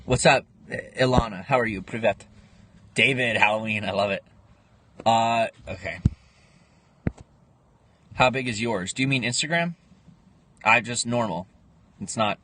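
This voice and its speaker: A man's voice: on the low side, fairly bright tone, husky. Chatty young man on a livestream. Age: 20s. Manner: rambling, answers viewer comments. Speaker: livestream host. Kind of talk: casual livestream chat. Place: home livestream, in Pennsylvania.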